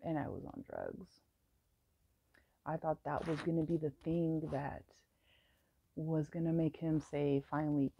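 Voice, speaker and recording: Low gravelly woman, frank and rambling. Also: measured pace, long pauses, muffled recording, a little hiss or hum. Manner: frank and meandering, with many fillers. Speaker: vlogger telling her own story. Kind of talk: candid personal storytime.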